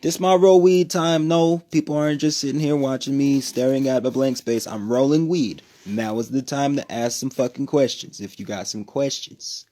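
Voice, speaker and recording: Brief: man, livestream host at home, loose, cursing, rambling talk, mid-pitched. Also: moderate pace, hardly any pauses. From New Mexico, USA. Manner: profane, rambling, animated. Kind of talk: casual livestream chat.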